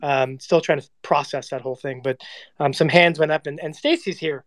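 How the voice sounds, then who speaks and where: A man's voice: a little high, steady tone, normal speed, no room sound. A man hosting a casual online panel, rambling and repeating words as he thinks. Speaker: host.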